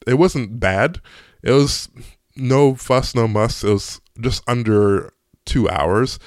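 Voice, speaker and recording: Male movie reviewer, casual and eager, slightly low pitch, dry room. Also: no echo. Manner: excitable, chatty, frequent ums and restarts.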